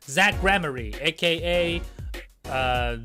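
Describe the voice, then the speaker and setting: A man streams a game, reading each role aloud and cracking jokes between lines. His pitch swings widely as he switches parts. Game music plays steadily behind him. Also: slow. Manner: animated, reads all roles, jokes.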